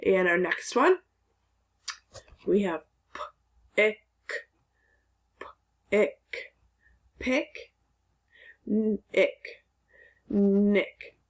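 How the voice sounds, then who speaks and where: A woman teacher with a mid-range voice draws out her words and pauses often in a recorded phonics lesson for young children, patiently sounding out each word syllable by syllable.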